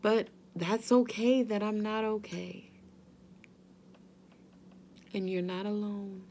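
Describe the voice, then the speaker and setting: A mother vlogging straight to her viewers, earnest and gentle, reassuring them that they are not alone. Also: medium pitch, fairly even intonation, slow pace, slight background noise. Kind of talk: heartfelt direct-to-camera talk.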